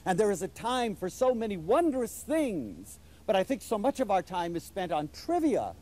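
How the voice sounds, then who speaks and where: A man's voice: high-pitched, very animated, moderate pace, dark tone. A man giving an inspirational lecture to a live audience, telling stories with enthusiasm and animation.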